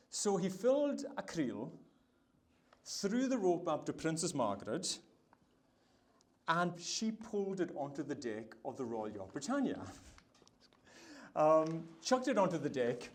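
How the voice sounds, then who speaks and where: Speaking slowly with long pauses, the man has a high-leaning, sing-song voice. He's a baker from the Isle of Lewis in Scotland with a Hebridean accent, cooking for a food festival demo stage while chatting, laughing and telling a yarn.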